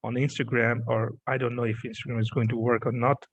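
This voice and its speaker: A male host talks in a lively, chatty way, laughing easily and filling gaps with "yeah" and "okay". His mid-pitched voice sounds dry and close, with no room around it. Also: fast, no room sound, rough recording. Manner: animated, laughs often, repeats "yeah" and "okay". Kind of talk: interview, casual chat.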